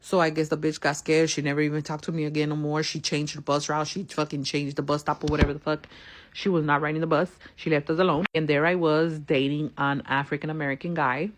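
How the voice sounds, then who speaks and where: A woman's voice: sits low, level tone, quick pace. A woman casually telling a personal story, swearing heavily in street slang and acting out each person she quotes.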